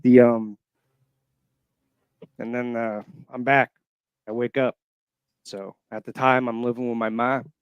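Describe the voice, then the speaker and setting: A man in his thirties from Florida, calling in to a show and haltingly telling a personal story full of fillers. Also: medium pitch, little pitch movement, clean tone, no echo, highs cut off. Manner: halting, emotional, many fillers. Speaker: caller. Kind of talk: casual storytelling. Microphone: call-in line.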